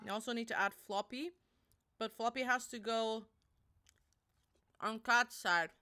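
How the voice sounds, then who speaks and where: A woman's voice: fairly high pitch, fairly even intonation, a little slow, pauses often, pushed and bright, clear, resonant tone. A young woman streaming, chatting casually and rambling to her viewers. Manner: chatty and rambling, talks to chat. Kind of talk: casual live-stream chat.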